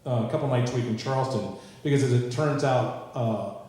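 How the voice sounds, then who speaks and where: A man in his forties doing a stand-up comedy set, with a dry, self-mocking delivery and dark punchlines. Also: mid-range voice, a little fast. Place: comedy stage before a live audience. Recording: very echoey live room.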